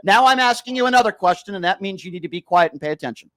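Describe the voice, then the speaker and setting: In a heated on-air debate, this radio host spars with a caller, cutting in often with a sarcastic, combative edge. He speaks rapid-fire in a high, animated, fairly bright voice.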